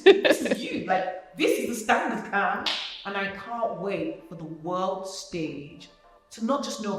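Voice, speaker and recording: An interviewer and event host with a notably low voice leads a warm conversational interview, affirming her guest. She speaks with many fillers and restarts. Faint music plays in the echoey room.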